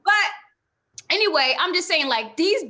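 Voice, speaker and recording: A woman on a casual podcast chat, speaking earnestly and working out her thoughts aloud. Her voice is high and bright, with a sharp edge. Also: expressive, unhurried. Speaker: podcast co-host.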